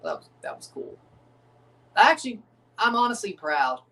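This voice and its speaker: A man's voice: high voice, wildly swooping pitch, normal speed, bright, forceful tone, distant mic. An American man, chuckling and rambling through casual live commentary while reacting to a soccer match. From United States.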